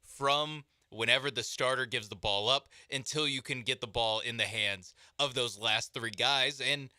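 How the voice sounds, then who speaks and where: A man on a sports radio show, casually explaining his view of a baseball team in a measured way. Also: mid-range voice, pushed and bright, no room sound, clean studio sound.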